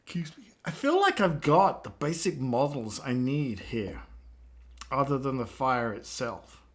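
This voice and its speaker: A man's voice: mid-range voice, very animated, a little slow. A man, chatting casually with live chat viewers while he works, joking around and laughing often. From England. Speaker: live streamer.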